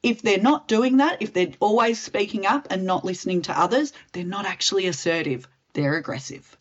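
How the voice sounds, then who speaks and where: A woman explains workplace communication in a direct, lively way, acting out example lines as she goes. Her voice sits at a middle pitch. The recording sounds a little dull and muffled. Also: a little fast. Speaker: communications specialist. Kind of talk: interview answers, expert advice.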